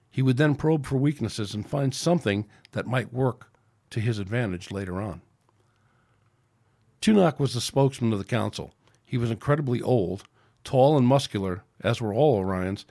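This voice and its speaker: A man's voice: mid-range voice, moderate pace, no echo. Man reading his own story aloud. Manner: steady, plain storytelling with small slips. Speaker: podcast host reading his own book.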